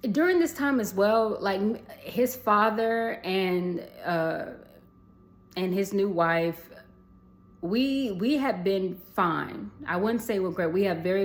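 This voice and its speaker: A woman's voice: medium pitch, takes it slowly. Chatty woman telling a storytime. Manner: chatty, addresses viewers as y'all, swears freely. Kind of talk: casual storytime vlog.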